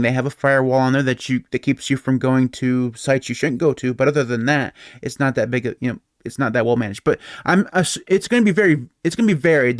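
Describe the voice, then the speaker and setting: A man's voice: medium pitch, no room sound, clean studio sound. A man co-hosting a podcast in a casual, rambling way, chuckling often between points. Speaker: podcast co-host. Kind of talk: casual tech chat.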